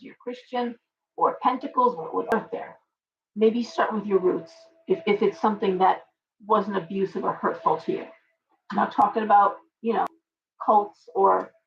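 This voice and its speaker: A woman's voice: a little high, vocal fry, fairly bright tone, far from the mic. A middle-aged woman talks in a loose, rambling live-stream chat, breaking off to greet her viewers by name. She sits a little back from the mic. The sound is dull and lo-fi. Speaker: tarot reader hosting a live stream.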